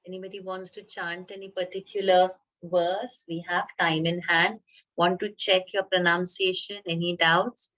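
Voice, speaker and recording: A woman teaching an online chanting class, patiently explaining pronunciation and chanting slowly over a video call. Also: on the low side, little pitch movement, fairly bright tone.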